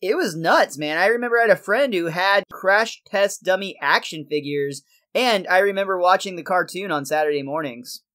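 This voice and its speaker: A man's voice: high-pitched, lively intonation, normal speed, hardly any pauses, sharp tone. A man co-hosting a podcast, recapping a cartoon episode in casual chat and laughing often. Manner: laughs often, loose joking storytelling. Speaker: podcast co-host.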